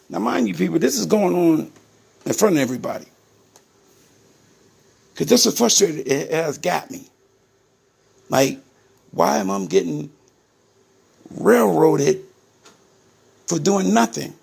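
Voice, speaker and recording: Speaking to his viewers about his own experience, a man with a husky, gravelly, high-pitched voice grows indignant and forceful, calling out to them repeatedly and doubling up words for emphasis. His intonation is lively and his pace measured, with long pauses and a slightly mellow quality.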